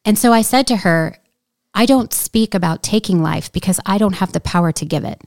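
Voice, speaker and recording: A woman's voice: mid-range voice, fairly quick, a little mellow, no echo. Woman guest, earnest storyteller with preachy fervor, dry close sound. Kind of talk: casual conversation, testimony.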